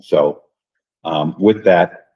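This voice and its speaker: Deep, husky male administrator, folksy board-meeting delivery, lo-fi room audio. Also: extremely slow. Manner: folksy, repeats phrases, says "right?" often. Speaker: school district administrator. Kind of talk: school board workshop remarks.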